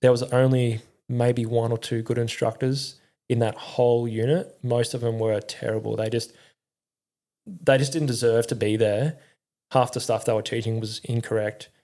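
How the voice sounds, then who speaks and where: A young army veteran, appearing as a podcast guest, tells his story candidly in an interview. His mid-range voice is gravelly and mellow, with a flat delivery and little rise and fall. His speech halts, is full of fillers, and features frequent swearing.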